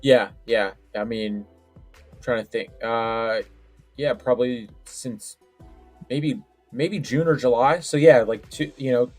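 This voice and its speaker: Over soft background music, a male podcast co-host talks slowly in a medium-pitched, slightly mellow voice. He chats casually about wrestling predictions, rambling with lots of restarts, filler, and "like."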